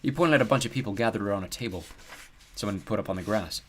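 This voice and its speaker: A man narrating an audiobook in a steady, measured storytelling voice. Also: fairly low pitch, breathy edge.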